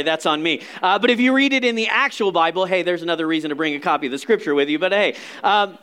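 High-voiced man preaching a lively sermon. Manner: conversational, animated preaching with asides. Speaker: pastor.

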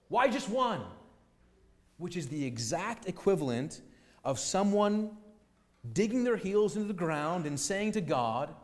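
Male pastor preaching a sermon, emphatic and earnest, voice a little higher than average. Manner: earnest, emphatic, acts out quotes.

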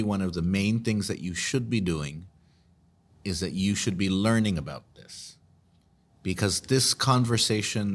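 A man, hosting and answering listener questions in an earnest, chatty way. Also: lowish voice. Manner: earnest, explanatory, chatty with restarts. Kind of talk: casual commentary.

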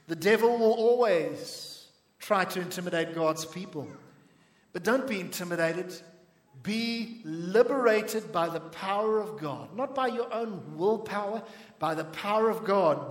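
Guy preaching hard, high voice, big echoey church hall. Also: a little slow. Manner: emphatic preaching. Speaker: pastor. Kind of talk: sermon.

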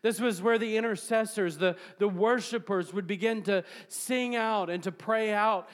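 Male preacher, high voice, sermon, shouted climaxes, lingering hall reverb. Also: fairly even intonation, moderate pace, few pauses, clean tone. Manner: preaching with rising bursts of shouting; jokes and laughs with the congregation.

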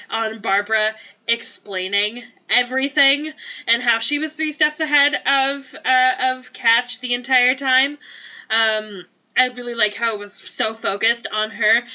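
Woman co-host, high and bright, eager and chatty with lots of restarts. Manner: enthusiastic, rambling with restarts. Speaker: podcast co-host. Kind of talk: casual movie review chat.

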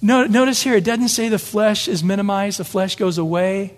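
A man's voice: high voice, moderate pace, long reverb tail. A man preaching a sermon as pastor, earnest and emphatic, often repeating phrases for weight.

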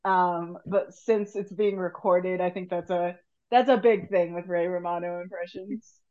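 A woman's voice: fairly low pitch, steady tone, measured pace, mellow, highs cut off. A woman co-hosting a comedy podcast, teasing and rambling playfully in casual chat.

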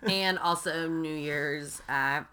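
Bright-voiced excitable woman. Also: low voice, slow. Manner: excitable, gossipy storytelling. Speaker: podcast co-host. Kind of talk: casual chat.

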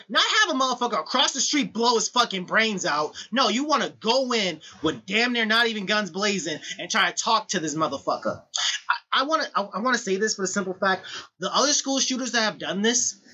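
Husky, fired-up male podcast co-host. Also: high-pitched. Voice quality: husky, animated, profane. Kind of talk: heated casual chat. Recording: dull lo-fi recording.

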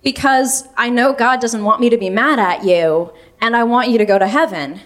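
A young woman voicing her earnest, religious teenage sister in a small, young, slightly higher voice. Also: moderate pace, lightly acted.

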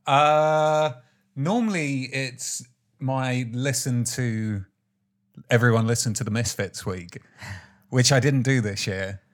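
A man's voice: mid-range voice, takes it slowly. A young man hosting a casual podcast chat, laughing often and feeling a little under the weather. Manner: laughs often, loose and chatty. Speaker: podcast host.

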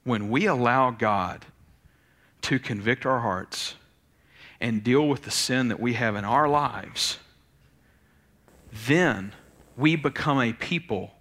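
Man, pastor, bright tone, lively conversational sermon. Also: medium pitch, slow, pauses often. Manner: animated, conversational preaching with acted-out asides.

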